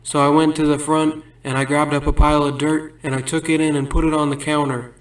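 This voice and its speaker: A man with a fairly high voice rattles off corny stand-up jokes as rambling little stories, breaking into laughter at his own punchlines. He sounds far from the mic, in a roomy, echoey space. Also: level tone, brisk. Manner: rambling absurd storytelling. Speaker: comedian. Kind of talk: stand-up joke telling.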